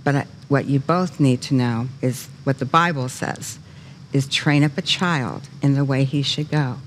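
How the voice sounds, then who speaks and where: An older woman hosting a Christian talk show, alternating an earnest preaching cadence with gushing, animated storytelling in a studio. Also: very deep voice, unhurried, slight background noise. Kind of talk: faith talk show fundraising appeal.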